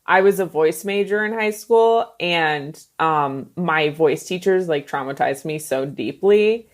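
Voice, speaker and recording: A woman's voice: deep voice, measured pace. A woman comedian guesting on a podcast, chatting casually and telling funny stories about herself with a wry edge. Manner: wry, joking, animated storytelling. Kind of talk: casual chat.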